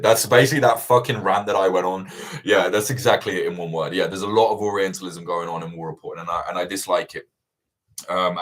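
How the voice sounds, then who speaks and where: Young male host, low register, loose and profane, heated conversational rant. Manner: swears constantly, animated and ranting. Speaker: livestream host answering viewer questions. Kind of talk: casual chat.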